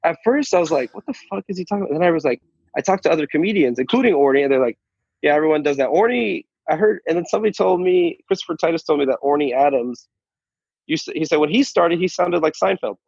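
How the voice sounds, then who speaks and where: A stand-up comedian guest, a native Arabic speaker from Saudi Arabia and later the U.S., chats loosely in an interview, stammering, restarting and swearing freely. He talks fast with lively intonation in a slightly high, creaky, husky, somewhat mellow voice. The recording is dry, dull and lo-fi.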